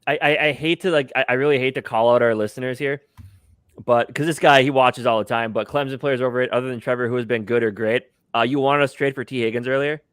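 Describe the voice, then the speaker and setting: Fast-talking, teasing podcast co-host. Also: male voice, mid-range voice, fairly even intonation, a bit bright, smooth, dry recording, studio quality. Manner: teasing, rapid-fire asides. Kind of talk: casual sports podcast chat.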